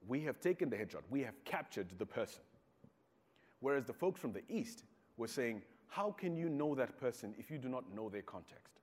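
Before an audience in a hall with long reverb, a Zimbabwean man gives a talk full of stories, acting out the voices of the people he quotes. His medium-pitched voice has a darkish tone and a sing-song lilt at a normal pace.

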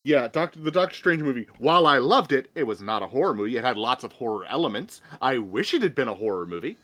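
A man in casual chat about films, animated and stumbling over quick restarts. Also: medium pitch. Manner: animated, stammers through restarts.

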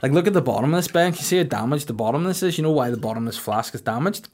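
A man in his thirties with a Northern Irish accent, hosting a podcast with crude, deadpan comic storytelling. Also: medium pitch, rapid-fire, slight background noise. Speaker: podcast host. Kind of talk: casual comedic podcast chat.

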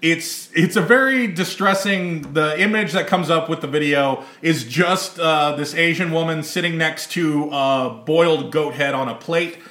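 A man's voice: a little high, measured pace, few pauses, bright, forceful tone, reverberant. A man hosting a casual podcast chat, rambling, laughing often and swearing freely. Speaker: podcast host.

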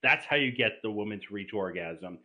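A man guesting on a podcast, telling bawdy stories in a casual, animated way and shouting the punchlines. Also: on the low side, brisk, dull audio. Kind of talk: casual crude podcast chat.

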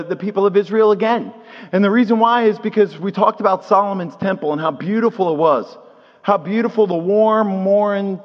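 A man preaching a sermon at a Shabbat service, earnest, repeating key phrases and asking rhetorical questions. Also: fairly high pitch. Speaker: pastor teaching at a Shabbat service. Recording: long hall reverb, dull lo-fi sound.

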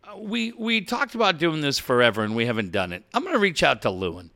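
A middle-aged man co-hosting a radio talk show, telling animated stories and swearing casually. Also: fairly high pitch, fast talker. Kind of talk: casual chat.

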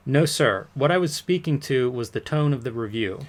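A man acting out a defensive witness on the stand in a courtroom transcript reading. He answers in short, curt denials. His voice sits at an ordinary male pitch. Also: expressive, moderate pace, close to an everyday voice. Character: defensive male witness testifying under oath. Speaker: witness under cross-examination.

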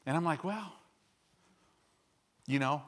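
A man preaching a sermon as a pastor, swinging from loud declarations to hushed asides and acting out little conversations. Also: fairly high pitch, slow. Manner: lively, swings from loud to hushed, acts out dialogues. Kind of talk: animated sermon.

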